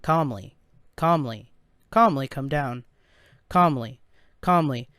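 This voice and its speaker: A stale robot voice drones the same order again and again, put on by a man. The delivery is monotone and unhurried, recorded dry and close with no room at all. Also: mid-range voice, smooth, dry recording. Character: calm male robot station voice.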